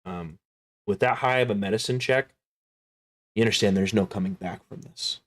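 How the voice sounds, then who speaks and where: A man narrating a tabletop game as game master, slow and dramatic, dropping to hushed tones. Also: lowish voice.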